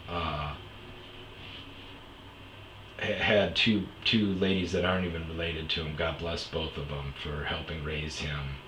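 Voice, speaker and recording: A man's voice: low-pitched, reverberant, a little hiss or hum, low-quality recording. A man from Wisconsin telling a personal story as a podcast host, blunt, candid and profane. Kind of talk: storytelling monologue.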